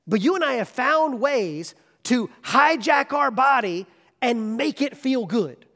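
A man in his thirties preaching a sermon to a camp crowd, telling a personal story with animated, emphatic delivery. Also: very high voice, slow. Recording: long hall reverb.

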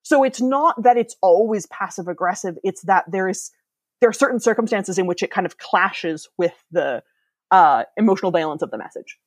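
A woman's voice: medium pitch, expressive, moderate pace, dry recording. A woman in her thirties, a podcast guest, explaining ideas eagerly in casual chat and laughing often.

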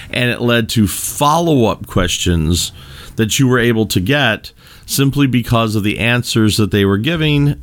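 A man hosting a solo sales podcast, talking loosely with fillers, restarts and little chuckles. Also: on the low side. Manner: chuckles between points.

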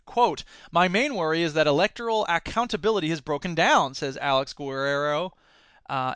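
A man who teaches, hosting a casual commentary podcast in a chatty, animated way with frequent restarts. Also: a little high, no echo.

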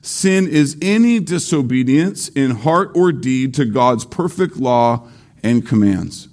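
Slow, deliberate male preacher. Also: medium pitch, animated, a little mellow. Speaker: pastor. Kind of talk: sermon.

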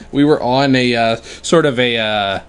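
A man's voice: medium pitch, takes it slowly, clear, resonant tone. A man from New York in casual conversation with a mid-range voice. He is self-deprecating, laughs often and drifts off mid-thought. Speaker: podcast co-host. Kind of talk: casual chat.

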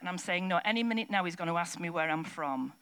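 A woman shares a testimony with her church, her voice bright and forward. She tells it in a chatty, rambling way, restarting sentences and adding asides, speaking into a handheld mic at a service. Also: lowish voice, fast, clean tone. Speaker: church member sharing a testimony. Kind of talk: personal testimony told to a congregation.

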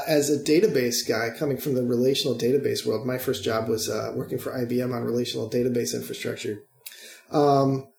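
A man's voice: mid-range voice, creaky, darkish tone, roomy sound. A man hosting a podcast, talking in a chatty, joking way with lots of fillers. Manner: chatty, jokey, prone to fillers. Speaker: podcast host. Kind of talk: casual podcast conversation.

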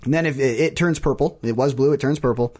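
A man's voice: medium pitch, quick pace, husky. A man on a podcast in easy chat with friends. He keeps things loose and laughs a lot, and his voice sits right in the middle range. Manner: laughs often, relaxed and joking. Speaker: podcast co-host. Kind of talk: casual chat.

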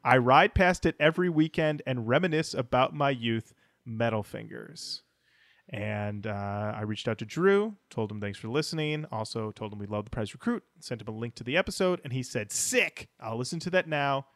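A man's voice: medium pitch, lively intonation, moderate pace, fairly bright tone, dry recording, studio quality. A man co-hosting a music podcast, reading listener comments aloud in a wry, casual way. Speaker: podcast co-host.

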